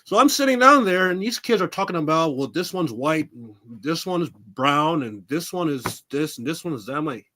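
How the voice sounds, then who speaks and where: A man from New York City, a wrestler guest, telling stories in a casual interview, animated, acting out the voices he quotes and laughing often. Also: on the high side, moderate pace, few pauses.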